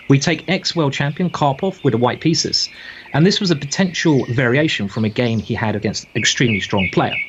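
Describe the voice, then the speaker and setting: Male chess tutor doing voice-over, mid-pitched, chatty with jokes, on a muffled noisy track. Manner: chatty, playful asides. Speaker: chess teacher. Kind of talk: chess lesson narration. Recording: dull audio with clear background noise.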